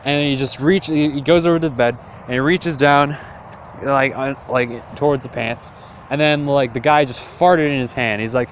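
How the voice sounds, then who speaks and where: A man's voice: mid-range voice, fairly even intonation, normal speed, a little hiss or hum. A young man retelling a classic tale as comedy, rambling and slangy with lots of fillers. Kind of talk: comic casual retelling.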